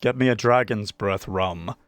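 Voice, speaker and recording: A man's voice: fairly low pitch, unhurried, a bit bright, no echo, studio quality. A man voicing a prickly young cat-folk woman who answers curtly and irritably. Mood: irritated. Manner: irritated, snappish.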